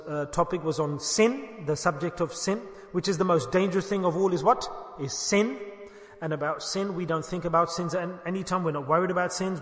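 High, bright-voiced preacher in an echoing hall. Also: male voice. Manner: storytelling, rising to emphatic exclamations. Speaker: Islamic preacher. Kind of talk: sermon. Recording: echoey hall reverb.

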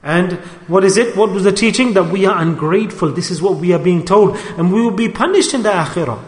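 A man preaches a sermon in a high voice, stretching his phrases into a sing-song cadence. His voice rings around a large, echoey hall with a long reverb tail. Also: brisk.

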